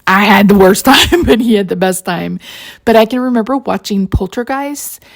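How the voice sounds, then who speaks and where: A woman's voice: mid-range voice, normal speed, gravelly. A woman, narrating a crafting tutorial in a rambling, chatty way full of side stories. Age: 40s. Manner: rambling, storytelling asides, frequent laughs.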